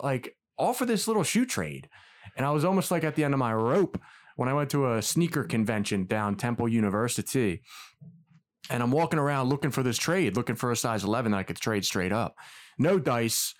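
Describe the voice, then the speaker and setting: A man's voice: mid-range voice, lively intonation, normal speed. A man co-hosting a casual podcast, telling a long story and acting out the quoted dialogue, swearing freely. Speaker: podcast co-host.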